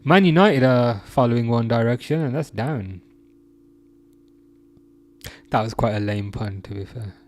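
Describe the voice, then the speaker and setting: Here the young English streamer talks a little slowly with long pauses, his mid-range voice slightly mellow. Going through viewer comments in a relaxed live chat, he laughs often and fills his speech with restarts and fillers.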